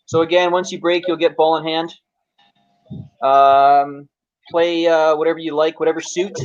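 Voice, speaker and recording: Relaxed Canadian man hosting a stream. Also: on the high side, normal speed, no room sound, lo-fi sound. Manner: relaxed, joking, with fillers. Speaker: tournament host. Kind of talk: livestream commentary.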